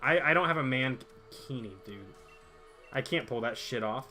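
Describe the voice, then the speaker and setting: A man's voice: medium pitch, lively intonation, moderate pace, sharp tone, soft background music. A young man streaming a game, chatting casually and jokingly with his viewers while reading their chat aloud.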